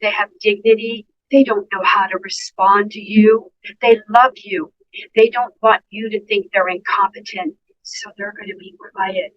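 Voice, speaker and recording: Woman, nurse guest, podcast interview, earnest, emphatic, mid pitch, muffled lo-fi audio. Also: fairly even intonation, a little slow. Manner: earnest, emphatic, addresses listeners directly. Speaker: guest nurse and dementia care educator. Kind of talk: podcast interview, giving advice.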